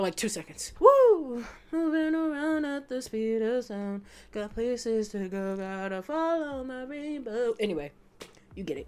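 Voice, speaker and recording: Animated young woman, casual commentary. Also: medium pitch. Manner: animated, emphatic, swears freely. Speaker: video essayist.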